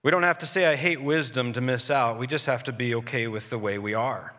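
A man preaching a sermon as a pastor, earnest, pausing and restarting as he explains a scripture passage. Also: medium pitch, animated, a bit bright. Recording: long reverb of a large hall.

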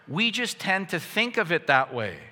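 A man preaching a sermon to his congregation, impassioned and building to near shouts. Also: high voice, sing-song, moderate pace. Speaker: pastor. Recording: long reverb of a hall.

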